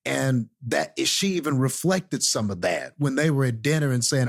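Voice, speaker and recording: A man's voice: medium pitch, lively intonation, moderate pace, vocal fry. A man co-hosting a movie review podcast, chatting conversationally and often checking in with "you know what I mean". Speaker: podcast co-host. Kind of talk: casual movie review chat.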